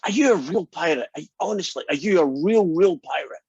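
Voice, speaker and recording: A teacher voicing an excited little boy asking eager questions in a joke told during an online class. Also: medium pitch, a little slow, no echo, dull audio. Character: excited little boy who loves pirates.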